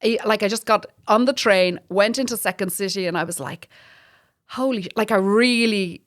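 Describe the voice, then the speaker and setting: A woman with an Irish accent, a comedian guest in a casual chat, telling lively stories, swearing freely and laughing often. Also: mid-range voice, a little fast. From Ireland.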